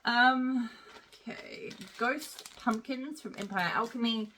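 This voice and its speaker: A woman's voice: fairly high pitch, slow pace, pushed and bright, a little hiss or hum. A woman chatting casually as she reviews wax melts, rambling with plenty of fillers. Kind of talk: casual product review chat.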